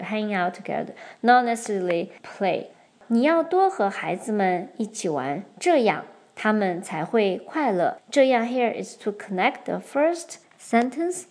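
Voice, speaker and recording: A young woman hosting a podcast lesson, explaining Chinese patterns clearly and switching between English and Mandarin. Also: mid-range voice, a little mellow. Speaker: podcast host and Chinese teacher. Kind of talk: bilingual language lesson.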